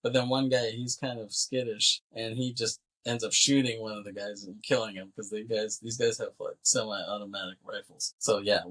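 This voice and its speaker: A man with a bright, forceful tone and a fairly low pitch, chatting loosely as a podcast co-host. He rambles through a movie's plot and slips into quick voices for the characters. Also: rough recording. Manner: rambling, animated, acts out characters' lines. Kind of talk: casual movie recap chat.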